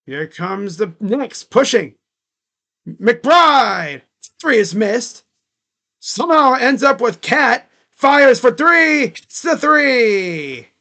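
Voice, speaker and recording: A man with a fairly high voice calls a basketball game live for his stream. He talks casually and rambles between plays, saying "like" a lot. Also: sing-song, extremely slow, pushed and bright. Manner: casual, rambling, heavy use of "like". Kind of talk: live play-by-play reaction commentary.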